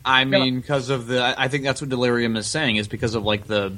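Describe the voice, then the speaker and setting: A young man co-hosting a casual podcast, joking quickly and laughing often. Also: mid-range voice, flat delivery, bright, forceful tone, dry recording, poor audio. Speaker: podcast co-host. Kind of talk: casual book-club chat.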